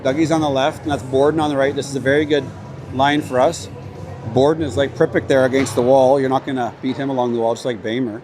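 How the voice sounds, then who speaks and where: A man's voice: mid-range voice, level tone, fast talker, over music. A man casually calling an amateur hockey game on a livestream, chatty and openly cheering for his team. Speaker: play-by-play commentator. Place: at a rink with a crowd.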